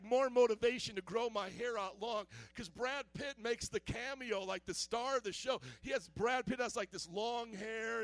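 Animated high-voiced joking preacher man. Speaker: pastor. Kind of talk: casual sermon.

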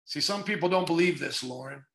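Middle-aged male pastor, fervent and sarcastic, bright tense voice in an echoey room. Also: a little high, fairly quick. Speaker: pastor and podcast host. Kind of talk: casual preaching podcast.

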